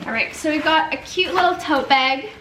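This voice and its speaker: A woman's voice: sits high, moderate pace, noisy background. A young woman vlogger chatting casually while unboxing gifts, gushing and emotional, with lots of fillers and a tearful edge. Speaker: lifestyle vlogger. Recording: echoey room with faint ambience.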